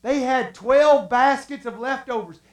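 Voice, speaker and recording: A preacher delivering an animated sermon, acting out the stories with sudden shouts and hushed passages. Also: high voice, a little slow. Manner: animated, acts out the stories with shouts and drops to a hush. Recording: roomy echo.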